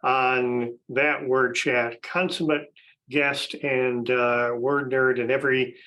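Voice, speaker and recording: A man's voice: mid-range voice, flat delivery, slow pace, sharp tone, rough recording. A man hosting a podcast, casually introducing a panel of guests, chatty with frequent fillers and restarts. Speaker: podcast host.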